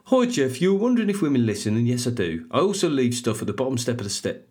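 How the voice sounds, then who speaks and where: A man's voice: medium pitch, very animated, fast, a little mellow, lightly acted. A man putting on a Birmingham accent to voice a weary, mildly defeated woman. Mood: resigned.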